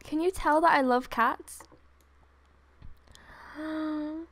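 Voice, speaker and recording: Speaking through a desktop USB microphone, a young gaming creator gives casual commentary late at night, worn out but still giggly and effusive. Her voice is high-pitched, she frequently squeals, and she draws out her words.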